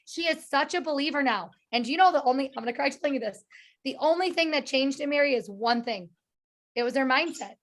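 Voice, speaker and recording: A woman who leads a direct sales team gives an energetic, earnest motivational speech on a video call, often repeating words and restarting. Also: high voice, fast talker.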